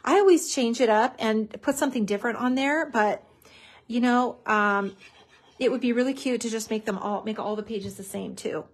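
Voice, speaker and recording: A woman's voice: a little high, moderate pace. A woman hosting a crafting tutorial, chatting enthusiastically as she glues and layers papers. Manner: chatty, enthusiastic, lots of "so cute". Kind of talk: casual crafting demonstration.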